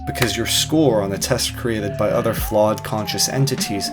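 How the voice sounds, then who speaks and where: A man's voice: on the low side, normal speed. A man delivering an argumentative monologue as a video essayist, in a sardonic, provocative, ranting manner. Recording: clear music bed under the voice.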